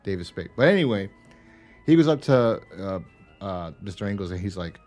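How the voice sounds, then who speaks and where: A man's voice: fairly low pitch, animated, moderate pace, darkish tone, soft background music. A man co-hosting a casual podcast, recapping a TV episode in a rambling, profane way and acting out lines in raised voices. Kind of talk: casual chat.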